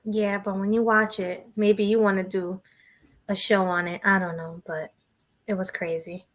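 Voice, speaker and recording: A woman co-hosting a casual livestream podcast, chatting in a relaxed way and thanking her viewers. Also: medium pitch, normal speed. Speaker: podcast co-host.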